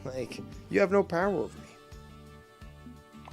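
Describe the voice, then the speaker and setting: A man's voice: high-pitched, big pitch swings, slow, vocal fry, faint music behind. A man chatting casually on a live stream while playing a fishing game, rambling, sarcastic and profane.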